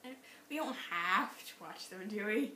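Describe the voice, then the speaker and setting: A woman's voice: medium pitch, lively intonation, normal speed, pushed and bright. A woman co-hosting a casual podcast with her mother, giving dry, protesting retorts. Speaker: podcast co-host, daughter. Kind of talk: casual chat. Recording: roomy echo.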